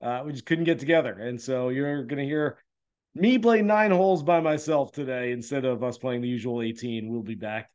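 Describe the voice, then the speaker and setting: A man's voice: mid-range voice, moderate pace, a little mellow, muffled recording. A man hosting a golf betting podcast, talking through his picks in an easygoing, conversational way with frequent "uh" fillers. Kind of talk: casual podcast talk giving betting picks.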